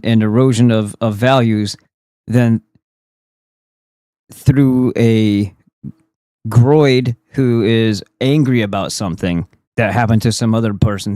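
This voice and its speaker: A man streaming and reacting to clips, talking in a rambling, profane way with many halting restarts. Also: medium pitch, darkish tone, no room sound. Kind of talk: profane casual commentary.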